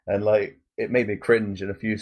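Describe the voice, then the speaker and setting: A man's voice: fairly low pitch, little pitch movement, moderate pace, darkish tone. A man co-hosting a podcast, chatting casually and leaning on the word "like" constantly. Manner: chatty, heavy use of "like". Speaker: podcast co-host.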